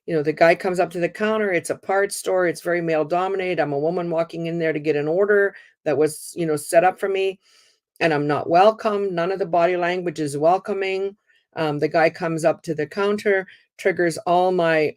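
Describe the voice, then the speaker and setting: A woman hosting a community talk, telling lively personal stories and acting out the voices of the people in them. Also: fairly low pitch, normal speed. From Canada. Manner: animated, laughing, acts out quoted voices. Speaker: host.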